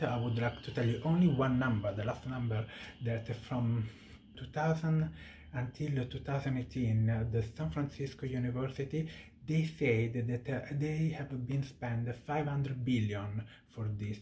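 A man in his thirties speaking to camera in an earnest, heartfelt way, often pausing to search for words. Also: medium pitch, dark tone, roomy sound, a little hiss or hum. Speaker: vlogger. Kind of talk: personal monologue to camera.

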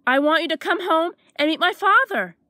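A woman's voice: extremely high pitch, lively intonation, normal speed, bright, forceful tone, dry recording, studio quality, heavily acted. A woman doing an eager little boy prince. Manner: eager, pleading. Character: eager young boy prince, pleading and excitable.

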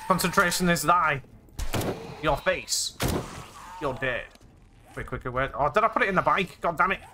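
A young man playing a zombie game, excitable and jokey, narrating his actions with "I said". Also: on the high side, normal speed, background noise. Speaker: gaming YouTuber.

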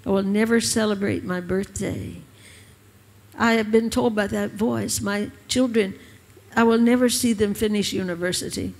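A frightened, tearful middle-aged wife pleads anxiously, as a woman preacher puts her on. The voice is gravelly with fry. It carries the long reverb of a church hall. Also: medium pitch, steady tone, normal speed, natural voice. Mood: fearful.

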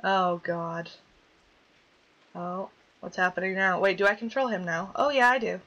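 A young woman with a bright, forceful voice narrates her horror game run, joking and then squealing "go away" whenever something startles her. Her voice is tense and sharp at the top, and her pitch sits right in the middle. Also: fairly even intonation, measured pace, lo-fi sound. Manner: jokey, easily spooked, yelps at scares. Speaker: let's play gamer. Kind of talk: casual game commentary, reading dialogue aloud.

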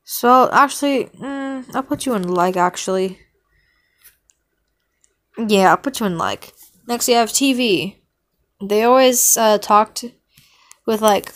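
A woman talking casually and meandering through her opinions, trailing off into hums and ums, sometimes bursting into mock outrage. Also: mid-range voice. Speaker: vlogger ranking cartoon characters. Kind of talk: casual rambling commentary.

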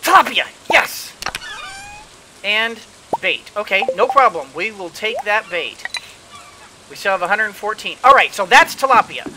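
A let's play host giving gameplay commentary, thinking aloud and cheering the game on with excited exclamations. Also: mid-range voice, normal speed, background noise.

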